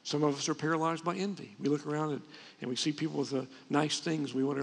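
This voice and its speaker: A man's voice: on the high side, steady tone, fast, gravelly, slightly rough. A man preaching a sermon as pastor, in a conversational way with frequent restarts. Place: church sanctuary. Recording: long reverb from a church hall.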